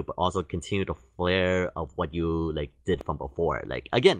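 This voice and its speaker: A man co-hosting a podcast in casual chat, halting and restarting his phrases. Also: deep voice, dry recording. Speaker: podcast co-host.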